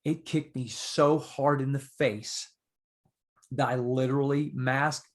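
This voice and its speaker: Earnest, animated male storyteller. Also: mid-range voice, slow. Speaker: podcast guest, author. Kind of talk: casual storytelling.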